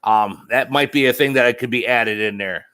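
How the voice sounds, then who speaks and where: A man's voice: mid-range voice, normal speed, sharp tone, clean tone. A man hosting a casual livestream, rambling and joking as he answers viewer comments. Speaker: livestream host.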